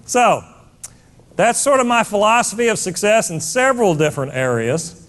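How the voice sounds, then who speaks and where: A man's voice: sits high, lively intonation, normal speed, a bit bright. A middle-aged man giving a keynote speech to a live audience, blunt and emphatic, calling them folks. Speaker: motivational speaker. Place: stage before a live audience.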